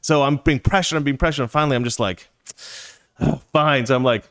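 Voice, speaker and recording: A man's voice: medium pitch, very fast. A man hosting a show, telling a story in a casual, chatty way with jokey asides. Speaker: podcast host.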